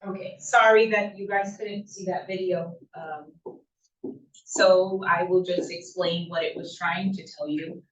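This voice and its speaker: A woman's voice: on the low side, fairly even intonation, measured pace, a little hiss or hum. A woman presenting a talk to a group of parents, speaking conversationally and often checking in with "right?". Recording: roomy, distant, dull lo-fi room sound.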